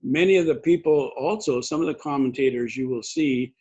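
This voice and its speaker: An older man giving a conversational sermon, husky, rambling and restarting often. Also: mid-range voice, a little fast, a little mellow. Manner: rambling, many restarts and fillers. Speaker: pastor. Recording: dull lo-fi recording.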